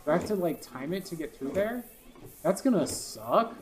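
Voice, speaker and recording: A man's voice: fairly high pitch, sing-song, normal speed, over music. A man giving casual gameplay commentary, rambling with lots of fillers and restarts, often frustrated. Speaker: gaming video host.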